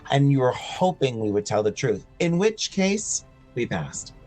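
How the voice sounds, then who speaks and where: A man's voice: mid-range voice, big pitch swings, a little slow, a little mellow, faint music behind. A man playing a tabletop role-playing game, talking in character in a rambling, earnest way and often correcting himself. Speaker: player.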